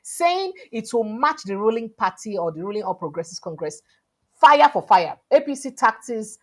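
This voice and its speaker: Lively Nigerian woman news host. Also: fairly high pitch, normal speed. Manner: animated, switches between pidgin and English, quotes people in lively voices. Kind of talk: pidgin news commentary. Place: indoors, livestream studio.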